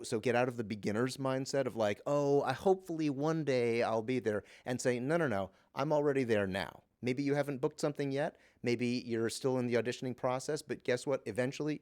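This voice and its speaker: A voice actor with a mid-range voice answers interview questions in a relaxed, chatty manner, full of fillers and restarts, and tells lively anecdotes. He talks fairly quickly and barely pauses.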